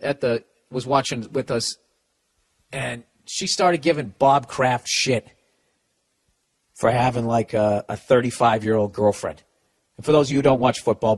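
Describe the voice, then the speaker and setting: A middle-aged man with a Boston accent hosting a podcast, giving comedic advice in a profane, ranting way with stammering restarts. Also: mid-range voice. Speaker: podcast host.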